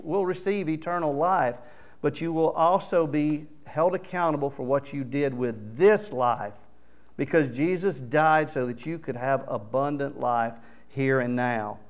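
A man preaching a sermon as pastor, earnest and exhorting, reading scripture aloud with rising emphasis. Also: on the high side.

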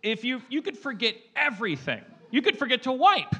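A man's voice: very high-pitched, very animated, a little fast, sharp tone, husky. A man hosting a comedy podcast, riffing in a rambling, stammering way. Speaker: podcast host. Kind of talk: comedic casual chat.

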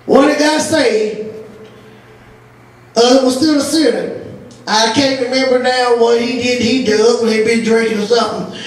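A woman pastor preaching a sermon, telling stories with laughter and breaking into shouts. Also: a little high, fairly even intonation, unhurried, long pauses. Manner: storytelling with laughter, rising to shouts. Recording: echoey church audio from far off.

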